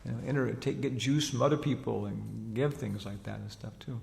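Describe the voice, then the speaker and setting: A man's voice: medium pitch, fairly quick, gravelly, darkish tone. A man giving an informal religious lecture in a chatty, rambling storytelling manner, with frequent filler phrases. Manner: chatty and rambling, many "you know" fillers, laughs while retelling. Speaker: spiritual teacher giving a lecture. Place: lecture hall in Dallas. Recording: long hall reverb.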